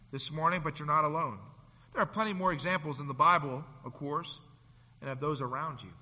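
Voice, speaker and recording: A man preaching a sermon, swinging from loud to hushed and acting out the people in his stories. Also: fairly high pitch. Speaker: pastor. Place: church sanctuary. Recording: long hall reverb.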